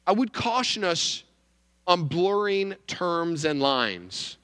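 A male pastor giving a sermon, emphatic, with wide swings in pitch and volume. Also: sing-song, takes it slowly, a bit bright, clear, resonant tone, in a large hall.

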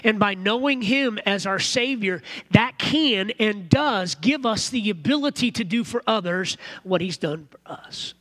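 A man preaching a sermon as pastor in a church, earnest and animated, often repeating phrases. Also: high voice, a little slow, hardly any pauses.

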